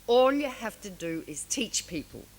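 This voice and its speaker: In a large hall, an older Australian woman unhurriedly gives an award speech in a medium-pitched voice. Her delivery is candid and storytelling, dotted with animated asides. Long reverb and faint hiss mark the recording.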